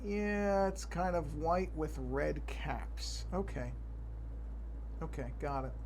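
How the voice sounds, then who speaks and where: A man's voice: fairly high pitch, animated, slow pace, darkish tone, a little hiss or hum. A man chatting casually while working on a digital drawing, rambling and correcting himself as he thinks aloud. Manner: rambling, self-correcting, apologetic about yawning. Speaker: artist streaming his drawing.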